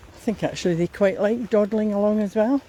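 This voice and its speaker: A woman with a Scottish accent chatting while out walking in a riverside park, unhurried and a little out of breath. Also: medium pitch, warm tone, a little hiss or hum, low-quality recording. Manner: chatty, unhurried, talks to her dogs. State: slightly out of breath. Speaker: vlogger. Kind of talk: casual walking commentary.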